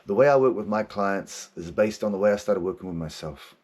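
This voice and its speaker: A man's voice: lowish voice, fairly quick, a little mellow. A man in his thirties, a podcast host and therapist, talking candidly in a casual monologue, swearing often and laughing as he goes.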